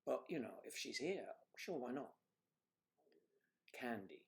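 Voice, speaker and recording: Chatty older Southern man, throat clearing. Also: mid-range voice, animated, measured pace. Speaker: livestream host. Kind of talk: casual livestream chat reading viewer comments.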